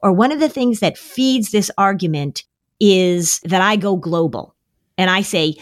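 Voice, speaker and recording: A woman's voice: medium pitch, a little slow, dry recording, studio quality. A woman therapist on a podcast, speaking emphatically and repeating key words for stress. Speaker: therapist guest. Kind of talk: podcast interview.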